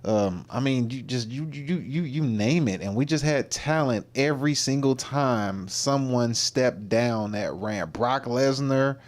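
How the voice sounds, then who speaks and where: A man's voice: mid-range voice, unhurried, few pauses. A man hosting a reaction livestream, talking casually and rambling with lots of fillers and restarts. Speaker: livestream host.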